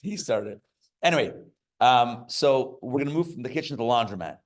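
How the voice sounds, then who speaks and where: A man's voice: medium pitch, lively intonation, brisk. A man, a rabbi, teaching a live class in a casual, chatty way, with joking asides and frequent fillers and restarts. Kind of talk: casual Torah class with stories. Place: live class before an audience.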